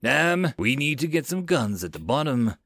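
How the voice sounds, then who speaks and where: A man voicing a commanding male air crew chief who yells orders. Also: medium pitch, big pitch swings, normal speed, no room sound, clean studio sound. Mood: urgent. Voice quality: loud, barking orders.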